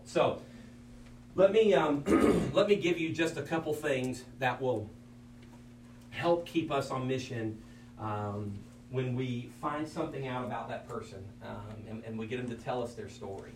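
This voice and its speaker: A man's voice: mid-range voice, measured pace, darkish tone. A man, a pastor, preaching in a folksy, anecdotal way with many asides. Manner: folksy storyteller, many "I mean" asides, acts out quotes. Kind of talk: anecdotal preaching to fellow ministers. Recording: roomy sound from a distance with faint hum.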